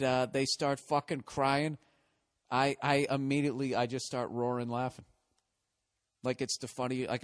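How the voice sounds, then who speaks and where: A man in his forties with a Boston accent hosts a podcast solo, rambling casually through profane, self-mocking stories and restarting often. His voice is medium-pitched, recorded dry at studio quality.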